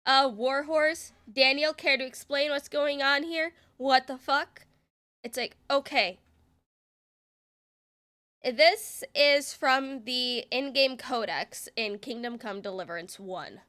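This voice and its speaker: A woman's voice: high voice, takes it slowly, sharp tone. A woman streamer giving exasperated, sarcastic reaction commentary and swearing freely.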